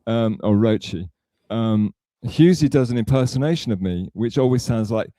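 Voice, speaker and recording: A man's voice: medium pitch, moderate pace, mellow, a little hiss or hum. A man hosting a casual live stream chat, chatty and full of fillers, calling people darling. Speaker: streamer host.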